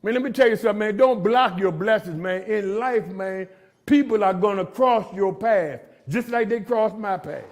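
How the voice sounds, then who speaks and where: A man's voice: sits high, normal speed. A middle-aged man giving a streetwise recovery testimony to inmates, preachy and calling everyone "man" as he talks. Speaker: recovery speaker. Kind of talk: testimony talk. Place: jail meeting room.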